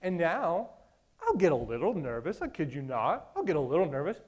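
A man in his late twenties preaching a sermon, telling stories in an animated way and acting out his own past thoughts. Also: fairly high pitch, fairly quick. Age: 20s.

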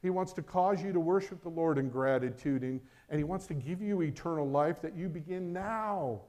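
A middle-aged man preaching a sermon as pastor, swinging between loud, urgent questions and quiet, low asides. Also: a little fast.

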